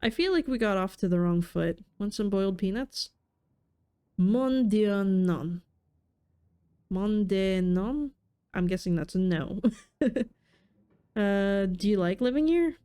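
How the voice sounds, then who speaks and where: Mellow-voiced woman reading a game aloud. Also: mid-range voice, animated, moderate pace, clean tone. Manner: playful, laughs at her own reading. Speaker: let's player. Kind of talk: reading game text aloud with casual commentary.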